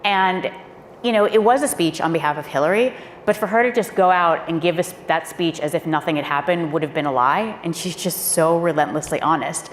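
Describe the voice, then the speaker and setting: A woman's voice: fairly low pitch, brisk, slight background noise. A woman, a former speechwriter, telling stories on a panel in a candid, emphatic way. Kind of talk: panel discussion storytelling. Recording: echoey hall with faint ambience.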